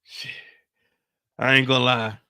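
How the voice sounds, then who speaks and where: A man's voice: medium pitch, measured pace, clear, resonant tone, no echo. A man giving a comedic, slangy recap of a TV episode, acting out scenes as he goes. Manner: animated, slangy, acts out scenes. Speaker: show recap commentator. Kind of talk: comedic show recap storytelling.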